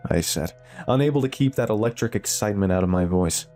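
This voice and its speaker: A man narrating a scripted horror story in a steady, measured way. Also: lowish voice. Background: faint music.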